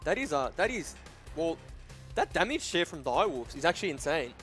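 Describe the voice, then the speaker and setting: Man, esports analyst, chatty, playful, somewhat high voice. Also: big pitch swings, fairly quick, a bit bright, soft background music. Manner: explains in long run-on thoughts, playful. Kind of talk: casual analysis chat.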